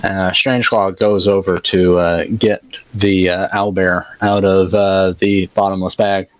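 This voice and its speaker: A man's voice: low voice, little pitch movement, a little slow, dry recording. A man playing in a tabletop game, playfully narrating what his character does. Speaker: player.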